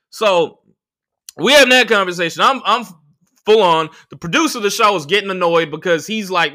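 A man's voice: high voice, animated, a little fast, pushed and bright. A man, hosting a podcast and telling a story in a casual, profane rant, acting out the people he quotes. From United States. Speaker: podcast host and comedian.

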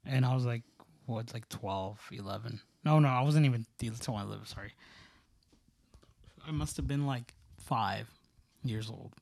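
This clip has no room sound and features a mid-range male voice that is slightly slow, creaky, and darkish, with long pauses. He's reminiscing about his childhood in a relaxed conversation, wandering off track, starting over, laughing in bursts, and saying "like" constantly.

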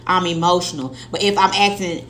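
Lower-voiced woman rambling laid-back. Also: brisk, a bit bright, rough recording. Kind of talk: casual chat.

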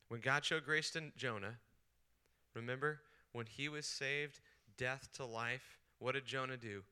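Bright, crisp-voiced man preaching a sermon. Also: medium pitch, unhurried. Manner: animated preaching, acting out the angry prophet's voice. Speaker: pastor. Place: retreat session hall.

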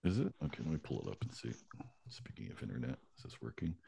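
A man's voice: a bass voice, sing-song, fast, gravelly, warm tone, slightly rough, no room sound. A middle-aged man co-hosting a podcast, talking in a laid-back way, laughing often and swearing casually. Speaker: podcast co-host. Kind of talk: casual chat.

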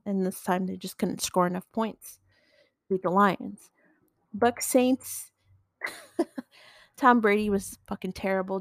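A woman's voice: mid-range voice, no room sound, studio quality. A woman hosting a podcast, giving a blunt, profane, casual recap of the week's football games. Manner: blunt, profane, quick asides with laughs. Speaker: podcast host.

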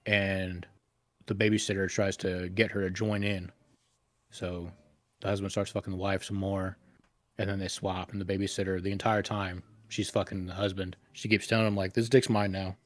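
A man's voice: deep voice, flat delivery, moderate pace, no room sound. A man co-hosting a casual podcast, retelling scenes in a crude, rambling way full of swearing. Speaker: podcast co-host.

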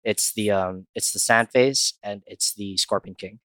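Chatty young man with a low voice. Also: fairly even intonation, a little slow, fairly bright tone, dry recording. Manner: chatty, laughs often, jokey put-on voices. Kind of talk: casual chat.

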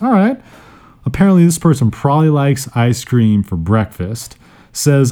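A man's voice: mid-range voice, sing-song, normal speed, a little mellow. A man hosting a casual vocabulary podcast, playful and self-mocking, joking between word explanations. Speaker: podcast host teaching vocabulary.

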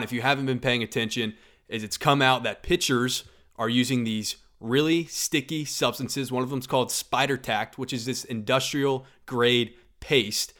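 Male sports podcast host, opinionated, mid-pitch voice, pushes back with rhetorical questions. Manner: animated, argumentative, rhetorical questions.

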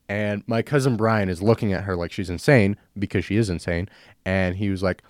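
A man hosting a podcast, ranting casually and telling animated stories. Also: medium pitch, brisk, no echo, clean studio sound. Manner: animated, storytelling. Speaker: podcast host. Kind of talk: casual opinion rant.

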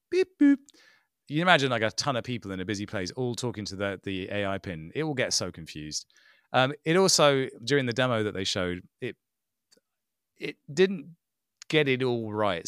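Man, podcast co-host, sardonic and lively, clean close dry sound. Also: on the low side, smooth, dry recording. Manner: animated, mocking impressions, sarcastic. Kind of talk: casual tech podcast chat.

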